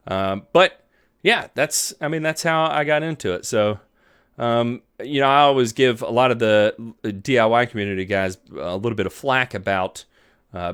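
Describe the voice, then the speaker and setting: A man's voice: mid-range voice, smooth. A man hosting a live lawn care stream, casually greeting viewers by name and laughing easily. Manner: upbeat shout-outs, laughs easily.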